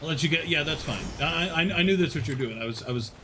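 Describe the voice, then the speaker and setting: A man's voice: fairly high pitch, quick pace, background noise. A man streaming, chatting casually with his viewers, rambling and swearing with frequent laughs. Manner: chats with unheard viewers, reads chat.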